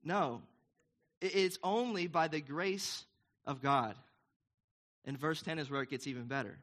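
Earnest preacher man, fairly high voice. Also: measured pace, a bit bright. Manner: earnest, emphatic, conversational preaching with rhetorical questions. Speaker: pastor. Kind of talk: sermon.

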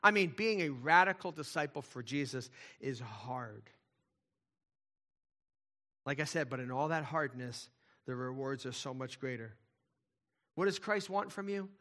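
A man preaching a sermon in a conversational way, dropping to quiet asides and rising to loud, emphatic points. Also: mid-range voice, measured pace, pauses often. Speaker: pastor.

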